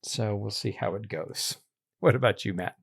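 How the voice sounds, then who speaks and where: A man hosting a casual podcast chat, relaxed and chuckling often. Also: lowish voice, normal speed, creaky, husky, no room sound, clean studio sound. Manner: relaxed, chuckling, reads tasting notes. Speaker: podcast host.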